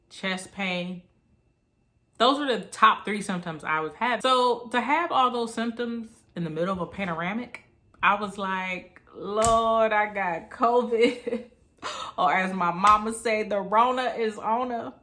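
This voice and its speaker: A woman in her thirties telling a personal story in a chatty, animated vlog style. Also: mid-range voice, unhurried. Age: 30s. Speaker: vlogger.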